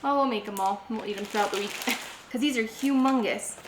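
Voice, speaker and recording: A woman's voice: on the high side, a little fast, noisy background. Chatty woman cooking in an echoey kitchen. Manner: chatty, talks herself through each step. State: out of breath. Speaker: home cooking vlogger. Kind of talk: casual cooking narration. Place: home kitchen.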